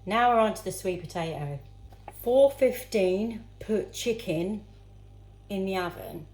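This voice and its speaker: A woman's voice: mid-range voice, lively intonation, unhurried, darkish tone. A woman vlogging as she cooks at home, chatting casually to herself and her viewers while she chops vegetables. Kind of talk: casual cooking vlog. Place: home kitchen. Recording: echoey kitchen with clattering pans.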